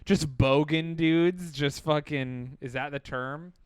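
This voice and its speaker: A man in his thirties co-hosting a comedy podcast, crude and laughing, telling animated stories. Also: on the high side, takes it slowly, clean tone, no echo, studio quality. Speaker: podcast co-host. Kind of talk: casual comedy chat.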